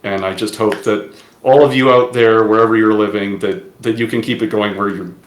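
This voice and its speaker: A man's voice: lowish voice, steady tone, moderate pace. A man being interviewed as an event organizer who often restarts his sentences and laughs easily, in casual chat over a video call. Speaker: demoparty organizer, interview guest. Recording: echoey room.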